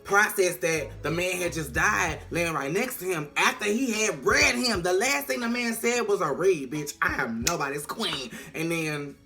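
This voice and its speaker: An animated vlogger retells a TV episode in a bright, sharp voice, peppered with slang and cursing. Soft music plays faintly in the background. The delivery is loose, chatty and full of attitude. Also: mid-range voice, normal speed, few pauses. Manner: animated, profane, slang-heavy storytelling. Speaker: TV recap vlogger. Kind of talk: casual TV episode recap.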